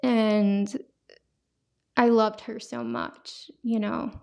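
Slow, halting young woman telling her testimony. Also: medium pitch, level tone, gravelly, a little mellow. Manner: emotional, halting, many fillers. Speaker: podcast host. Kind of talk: personal testimony.

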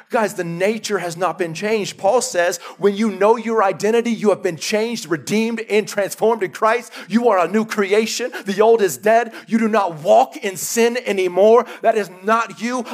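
Male pastor, fairly high voice, insistent live sermon delivery with heavy repetition. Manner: emphatic, repetitive preaching.

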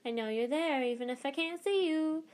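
A woman's voice: high-pitched, normal speed, darkish tone, pitched above the performer's own voice, close to an everyday voice. A woman reading aloud and voicing a mischievous male poltergeist with a taunting, singsong manner.

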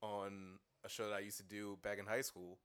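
Deep-voiced earnest young man. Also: flat delivery, normal speed, fairly bright tone, clean tone. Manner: thoughtful, earnest, with many fillers. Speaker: podcast guest. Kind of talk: casual podcast chat.

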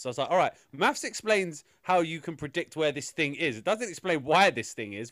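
A man's voice: on the high side, lively intonation, fairly quick, hardly any pauses, a bit bright. A man rants about a film on a casual podcast. He rambles, swears freely and sounds exasperated, and his voice is close and dry with no room echo. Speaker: film reviewer.

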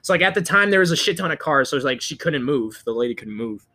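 A young man with a bright, forward voice pitched a little high, swearing freely as he rambles through a story. He is co-hosting a casual podcast chat and keeps restarting his sentences mid-thought. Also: lively intonation, fast talker. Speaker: podcast co-host.

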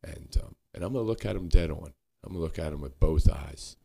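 A man co-hosting a podcast, talking earnestly and haltingly, searching for words and swearing now and then. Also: extremely low pitch, vocal fry, warm tone, husky. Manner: frequent swearing. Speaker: podcast co-host. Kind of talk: candid reflective conversation.

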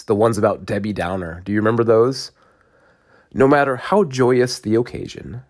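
A man preaching a humorous sermon, teasing and laughing often as he talks. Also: fairly low pitch.

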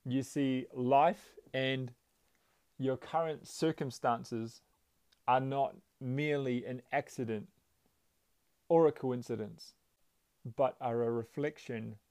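A man hosting his own storytelling podcast, talking slowly and earnestly to his listeners. He keeps a friendly, casual tone with the odd filler as he tells a short tale. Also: mid-range voice, darkish tone.

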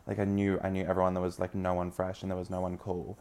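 A man's voice: deep voice, monotone, fast talker, a little mellow. A man, telling a dating story in a dramatic, gossipy way with lots of swearing. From Australia. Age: early 20s. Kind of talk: casual gossipy chat.

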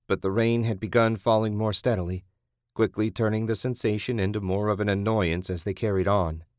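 A man reading a horror story aloud in a steady, measured narration. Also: lowish voice, no echo, studio quality. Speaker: audiobook narrator.

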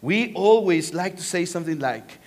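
High-voiced pastor with a Spanish accent. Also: male voice, moderate pace. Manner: animated, joking with the congregation. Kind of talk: sermon.

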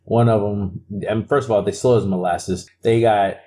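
A man's voice: lowish voice, fairly even intonation, normal speed, warm tone, rough recording. A man telling a rambling story on a casual podcast, laughing often and talking in loose slang. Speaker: podcast co-host. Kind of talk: casual chat, storytelling rant.

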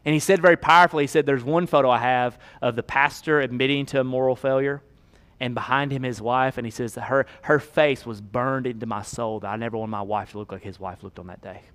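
A man preaching a sermon as pastor, swinging from hushed, slow emphasis to loud, fast pleading. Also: medium pitch, fairly even intonation.

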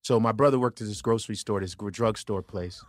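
A man guest on a podcast, a comedian telling profane, animated stories in casual chat and putting on voices of the people in them. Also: on the low side, a little fast, no echo, studio quality.

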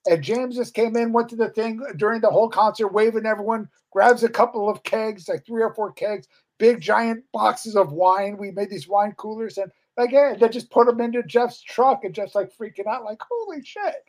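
Man, middle-aged, high-pitched, guest storyteller, rambling, profane, mimics the people he quotes. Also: fairly even intonation, normal speed. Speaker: guest, former metal band guitarist. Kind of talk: casual storytelling chat.

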